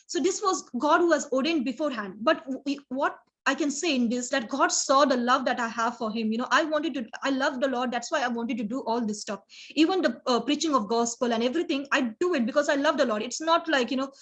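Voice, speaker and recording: Halting, earnest woman preacher. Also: sits high. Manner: halting, earnest, full of restarts and "you know". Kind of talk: informal sermon.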